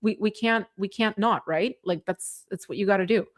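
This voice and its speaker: A woman's voice: mid-range voice, moderate pace. A woman hosting a casual political livestream, reading viewer comments and chatting with a sarcastic edge, laughing often. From Canada. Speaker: livestream host reading chat.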